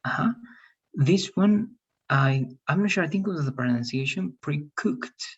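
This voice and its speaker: A teacher giving feedback and pronunciation drills in an online English class, patiently repeating words slowly. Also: mid-range voice, expressive, slightly rough, lo-fi sound.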